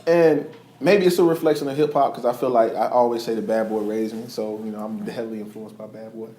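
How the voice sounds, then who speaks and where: A man in his twenties telling a personal story on a discussion panel, animated and acting out the dialogue he recalls. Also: mid-range voice, quick pace, echoey room. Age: 20s. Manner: animated, quotes others in dialogue, laughs while telling. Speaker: panel host.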